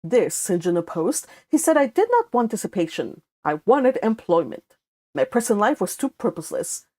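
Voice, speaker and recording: This young audiobook reader, medium-pitched and with a Spanish accent, works through a classic novel slowly and evenly. Every so often she stops for a casual aside or fixes a mistake.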